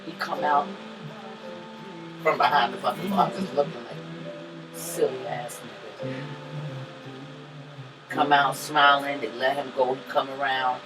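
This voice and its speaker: A woman's voice: rumbling low, fairly even intonation, a little slow, pauses often. Brash woman telling a story, off-mic. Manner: brash, profane, swings from loud to hushed. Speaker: podcast co-host. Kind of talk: animated storytelling. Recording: distant mic with music behind.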